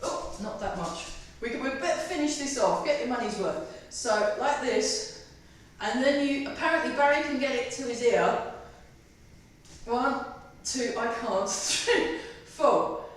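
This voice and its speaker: A woman's voice: a little high, animated, measured pace. A woman leading a tai chi fitness class, counting reps with chatty, self-mocking asides and giggles. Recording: echoey room, voice from far off the mic.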